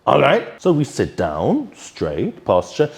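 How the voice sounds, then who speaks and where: Lively man coaching meditation. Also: slow pace, creaky. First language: German. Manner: earnest, coaching tone with frequent "all right?" check-ins; drops low and soft while guiding the breathing. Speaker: self-improvement vlogger. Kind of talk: talking to camera, teaching meditation.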